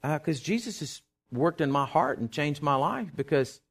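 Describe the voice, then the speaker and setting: A middle-aged man, a pastor preaching a sermon and telling a personal story in a folksy, animated way. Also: a little high, moderate pace.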